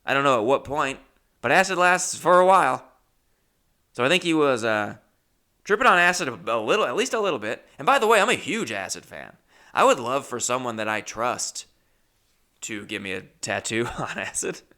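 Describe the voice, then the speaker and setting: Role: comedian telling a comedy story. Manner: animated and profane. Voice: a gravelly male voice with a bright, forceful edge and mid-range pitch. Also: moderate pace.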